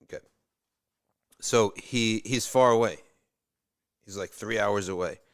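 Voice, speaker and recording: A man's voice: fairly low pitch, takes it slowly. A male religious teacher telling a story in a casual, conversational way, with asides and restarts. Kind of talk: storytelling talk.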